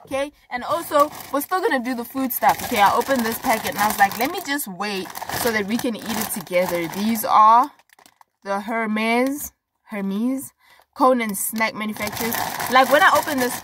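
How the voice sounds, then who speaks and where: A woman's voice: fairly high pitch, lively intonation, brisk, hardly any pauses, background noise. Woman, South African accent, young adult, chatty, frank, emphatic vlogger. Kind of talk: casual talk to camera.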